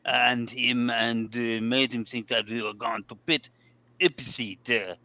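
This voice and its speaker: A man voicing a French racing driver in a put-on French accent, reading haltingly with drawn-out words. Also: mid-range voice, fairly even intonation, sharp tone, no echo, dull audio. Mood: hammy.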